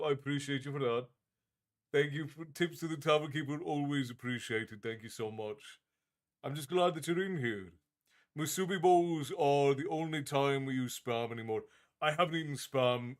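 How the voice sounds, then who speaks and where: A man's voice: medium pitch, expressive, normal speed. A man hosting a livestream in a tavern-keeper persona, chatting casually and reading out viewer comments in a friendly, easygoing way with frequent restarts.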